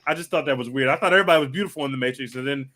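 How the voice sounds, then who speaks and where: Bright, animated man reviewing a movie. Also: medium pitch, rapid-fire. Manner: animated, emphatic storyteller. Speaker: podcast co-host. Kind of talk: casual movie review chat.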